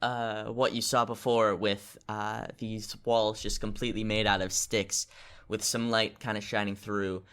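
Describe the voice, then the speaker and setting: A man narrates a tabletop adventure as its game master, his voice smooth and resonant. He stops and restarts often, dropping in fillers as he works out the scene on the fly. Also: fairly low pitch, little pitch movement, a bit bright. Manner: halting, many fillers and restarts.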